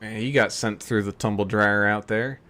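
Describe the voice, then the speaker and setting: A man giving steady play-by-play commentary on a sim race, naming cars and positions. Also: fairly low pitch, normal speed.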